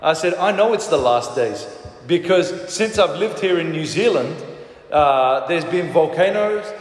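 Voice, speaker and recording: A man's voice: on the high side, animated, a little slow. A man preaching a sermon as pastor, emphatic, with frequent "uh" fillers. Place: large church hall. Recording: echoey church hall.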